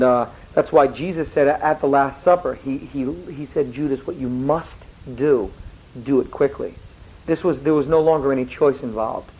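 A rough recording captures a teacher's meandering history lecture, full of tangents, self-corrections partway through sentences, and questions for the class. The voice sits in the mid range with a darkish tone.

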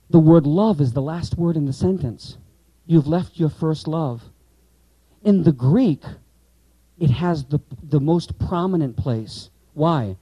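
A man's voice: fairly high pitch, warm tone, no room sound, poor audio. Man teaching Bible Greek to a class. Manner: explanatory, rhetorical questions, asides to class. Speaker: pastor teaching pastors.

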